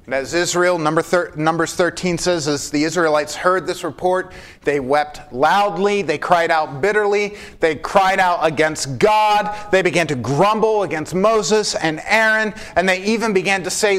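A man preaching a sermon in a measured way, slowing for emphasis and calling his listeners beloved. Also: high-pitched, fairly bright tone. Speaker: pastor.

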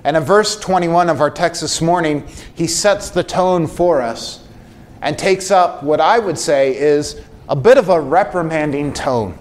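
A pastor gives a sermon in a high, clear tenor and talks to his flock in an earnest way. His voice climbs and gets stronger when he stresses a point. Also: a little slow. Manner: earnest preaching, voice rising for emphasis.

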